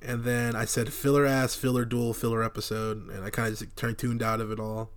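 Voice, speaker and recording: A man's voice: medium pitch, level tone, brisk. A man co-hosting a podcast, recapping an anime in a crude, joking way and mocking the characters in put-on voices. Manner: profane, jokey, does mocking character voices. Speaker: podcast co-host.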